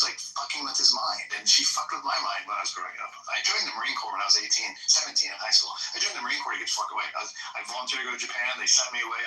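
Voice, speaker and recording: A man telling a family story in casual conversation, blunt and animated, swearing often. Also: on the low side, roomy sound, distant mic, rough recording.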